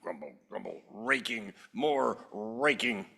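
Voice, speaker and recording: A man putting on the muttering voice of a grumpy neighbor in a storybook read in church, low and complaining. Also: animated, slow pace, creaky, sharp tone, husky, full character voice. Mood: grumbling. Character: grumpy grumbling grown-up neighbors.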